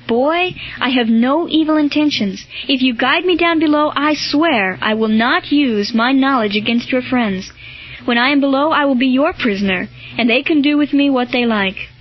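A woman's voice: high voice, moderate pace, highs cut off. A woman reading the part of a determined Roman soldier, speaking firmly and solemnly. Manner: firm, solemn. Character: stern male Roman soldier, firm and determined.

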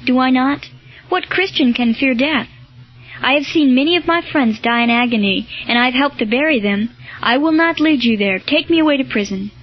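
Brief: woman voicing a resolute, earnest young boy, high voice, dull lo-fi audio. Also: normal speed. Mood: defiant. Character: brave young Christian boy, defiant.

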